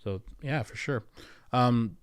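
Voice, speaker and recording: A man with an American accent chats casually on his livestream, reading comments aloud and wandering between topics with plenty of ums. His voice is smooth and resonant at a middle pitch. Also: slow. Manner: rambling and conversational, answering chat with frequent fillers. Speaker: livestream host and real estate agent.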